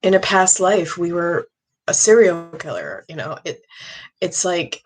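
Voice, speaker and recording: A middle-aged woman, a psychic medium, giving an earnest, halting monologue with many restarts. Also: lowish voice, sing-song, poor audio. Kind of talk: casual monologue.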